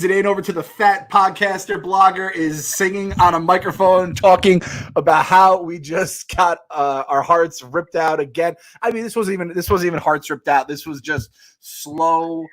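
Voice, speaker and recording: A man's voice: sits high, moderate pace, a bit bright. A man hosting a casual sports podcast, ranting and swearing in heated frustration. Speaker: podcast host.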